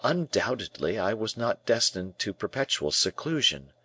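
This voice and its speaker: Guy reading as a proud young prisoner, earnest, questioning, a bit higher than his deep voice. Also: sing-song, moderate pace, pushed and bright, husky, heavily acted. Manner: earnest, searching, defiant questions.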